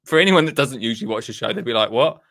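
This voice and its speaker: A man hosting a podcast, chatting excitedly and gushing with exclamations. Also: medium pitch, rapid-fire, no echo, studio quality. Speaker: podcast host. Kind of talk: excited casual chat.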